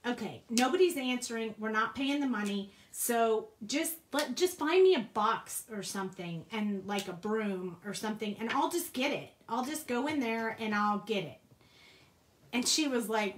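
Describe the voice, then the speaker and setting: A woman hosting a crafting video, telling a lively story in a casual way, laughing often and acting out the people she quotes. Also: fairly high pitch, normal speed. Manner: animated, laughs often, acts out quoted voices. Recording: echoey room.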